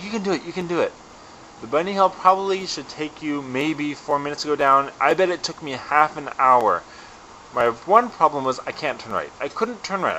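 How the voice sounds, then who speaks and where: Bright-voiced man telling a vlog story. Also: fairly high pitch, slight background noise, rough recording. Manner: animated, self-deprecating storyteller. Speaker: vlogger.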